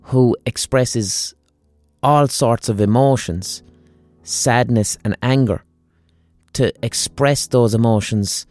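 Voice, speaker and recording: A man, a podcast host giving an animated monologue and acting out the voices he quotes. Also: mid-range voice, no echo.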